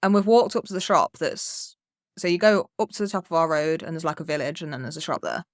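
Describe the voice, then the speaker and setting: A young woman, a podcast co-host, telling a story in casual chat, animated and swearing freely. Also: low voice, fast, dry recording, clean studio sound.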